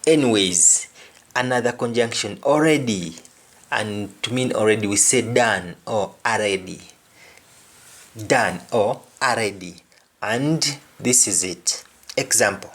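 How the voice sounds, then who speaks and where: A man's voice: fairly low pitch, lively intonation, slow pace. A man teaching vocabulary, explaining each word and repeating phrases and examples. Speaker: language teacher.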